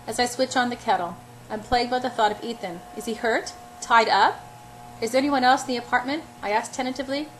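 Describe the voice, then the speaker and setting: A woman's voice: a little high, slight background noise, rough recording. A woman reading a first-person novel aloud in an unpolished way, stumbling over words and correcting herself. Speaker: audiobook reader.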